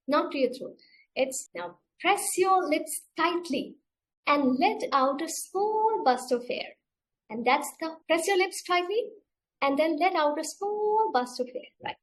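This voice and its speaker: Slow, high-voiced woman teaching phonics. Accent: Indian English. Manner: slow, patient, demonstrates sounds and repeats steps. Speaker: teacher trainer. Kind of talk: webinar instruction.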